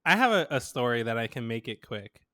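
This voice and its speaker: On a podcast, a young male co-host with a mid-range voice talks a little fast, telling a story animatedly with frequent laughter and quoted dialogue. It's a casual chat captured in clean studio sound with no room sound.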